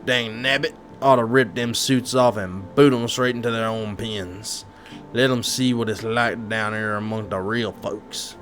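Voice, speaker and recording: A man's voice: fairly low pitch, fairly even intonation, a little slow, a bit bright, faint music behind. A man voicing a folksy, grumbling stranger at the door in a game, in a put-on Southern US accent and calling people darling.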